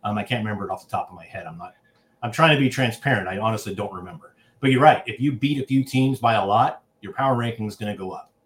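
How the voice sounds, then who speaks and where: A man who is a regular on a casual sports podcast, and he talks in a brisk, blunt way. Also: on the low side.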